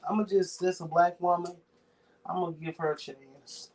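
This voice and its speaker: A man's voice: sits high, steady tone, moderate pace, darkish tone, low-quality recording. Rambling profane man with a Southern accent. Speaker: streamer. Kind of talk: casual monologue.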